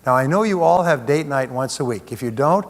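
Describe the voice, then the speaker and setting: A man's voice: medium pitch, animated, brisk. A man giving a live seminar talk as a motivational speaker, conversational, with plenty of rhetorical questions. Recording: long hall reverb.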